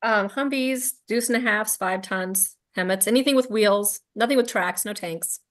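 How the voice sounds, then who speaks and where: A woman guest on a talk radio show answers questions plainly and matter-of-factly. Her speech is relaxed and conversational. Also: mid-range voice, normal speed. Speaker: guest, Army veteran. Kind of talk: casual interview answers.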